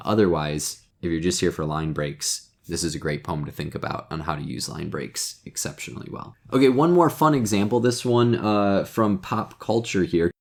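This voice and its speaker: A man teaching poetry in a chatty, self-deprecating way as host of his own lesson channel. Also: sits low. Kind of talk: casual explainer lesson.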